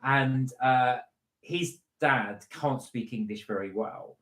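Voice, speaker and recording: A man's voice: medium pitch, slow pace, a bit bright, roomy sound. A man co-hosting a live stream, chatting casually and slipping into comic voice impressions.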